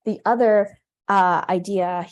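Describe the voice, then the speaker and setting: A woman parent coach hosting a podcast, explaining ideas in a reflective way, laughing at her own examples and acting out short dialogues in a higher voice. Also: fairly even intonation, slow pace, darkish tone. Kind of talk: solo podcast teaching.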